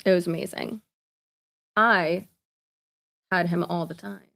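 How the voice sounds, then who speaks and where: A woman's voice: fairly low pitch, fairly even intonation, takes it slowly, creaky, fairly bright tone. A woman, chatting casually on a live stream with lots of asides, fillers and laughter. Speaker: vlogger.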